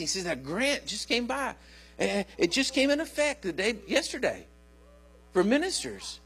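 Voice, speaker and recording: An older man preaching in a folksy, storytelling way, calling out to his listeners as he goes. His voice sits very high for a man and has a husky edge. A faint electrical hum runs under the recording. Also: sing-song, moderate pace. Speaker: pastor. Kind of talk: sermon.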